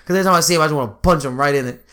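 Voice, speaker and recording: Young man, profane slangy chat, rapid, high-ish. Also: fairly bright tone, clean tone. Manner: profane, slangy storytelling with quoted asides. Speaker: podcast co-host. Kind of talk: casual chat.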